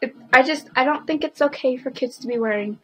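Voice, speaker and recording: A teenage girl ranting casually to camera, rambling and indignant, filling every pause with "like". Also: high-pitched, breathy edge, poor audio. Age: teens. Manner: rambling, packed with "like" fillers; indignant, opinionated. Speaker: vlogger.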